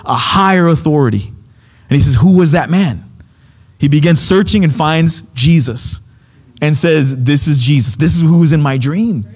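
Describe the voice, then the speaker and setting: A young adult man preaching a sermon, telling a story in a casual way and acting out the voices of the people in it. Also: a little high. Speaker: pastor.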